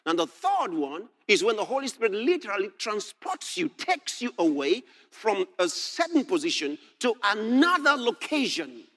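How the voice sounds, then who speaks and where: A man preaching a sermon, explaining scripture verse by verse, often checking "all right?" and rising to shouts as he reads. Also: high voice, normal speed, hardly any pauses. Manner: animated, rising to shouts when reading scripture.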